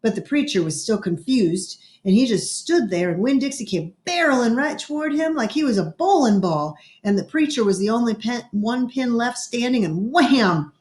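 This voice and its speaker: Storyteller: woman reading a children's chapter book aloud, expressive, clears her throat now and then. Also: on the high side, normal speed, few pauses. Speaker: reader.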